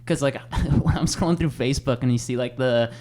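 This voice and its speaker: A young man hosting a podcast in casual chat, relaxed and laughing often. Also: mid-range voice, brisk, background noise. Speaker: podcast host.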